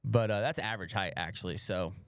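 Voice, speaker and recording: A man's voice: on the low side, a little fast, a bit bright, smooth, no echo. A man in his twenties hosting a casual podcast. He rambles crudely and laughs often. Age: 20s. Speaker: podcast host.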